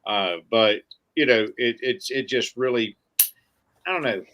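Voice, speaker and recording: A man's voice: medium pitch, a little slow, a bit bright, lo-fi sound. A man chatting on a podcast, rambling with many restarts and folksy sayings. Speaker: podcast co-host. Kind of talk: casual podcast chat.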